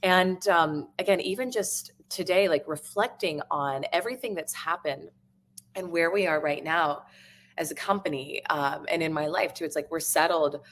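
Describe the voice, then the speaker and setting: Earnest motivational woman, lowish voice. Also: normal speed, fairly bright tone. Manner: earnest, reflective, frequent fillers and restarts. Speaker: podcast host and business coach. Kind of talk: live stream talk, motivational.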